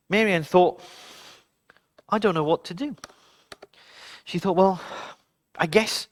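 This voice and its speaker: A man telling a story to children in an animated, dramatic way, speaking to the kids directly. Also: high-pitched, dry recording, clean studio sound.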